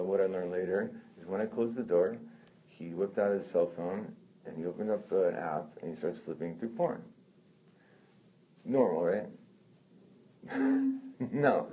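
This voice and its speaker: Deep-voiced man, casual profane storyteller who rambles and self-corrects; muffled lo-fi recording. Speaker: storyteller recounting a personal incident. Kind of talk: casual spoken anecdote. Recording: dull lo-fi sound with faint noise.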